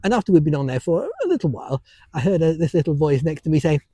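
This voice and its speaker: An older British man with a husky, mellow voice tells a chatty story, words tumbling out fast. His pitch leaps up and down animatedly, and the dry podcast sound keeps him close. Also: lively intonation, dry recording. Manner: chatty storyteller with frequent restarts and chuckles. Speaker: podcast co-host. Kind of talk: casual chat.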